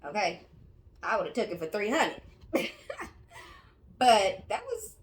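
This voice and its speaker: A woman's voice: mid-range voice, very animated, slow. A woman hosting reaction commentary, blunt and casual as she weighs in on a clip. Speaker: commentary host.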